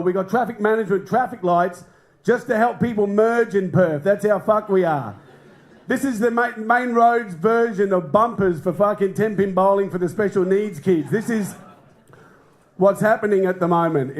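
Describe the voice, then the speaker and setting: A middle-aged Australian man doing stand-up in a comedy club, with a brash, sweary, ranting delivery. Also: sits high. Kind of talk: stand-up set. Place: comedy club stage with a live audience.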